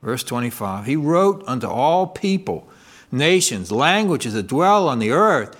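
A man preaching a sermon, asking his listeners questions and moving between loud emphatic lines and low quiet ones. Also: very animated, unhurried. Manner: asks the congregation call-and-response questions.

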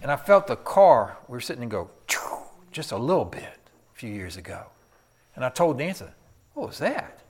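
A man preaching a sermon in an animated storytelling way, swinging from loud to soft. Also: mid-range voice, fairly quick.

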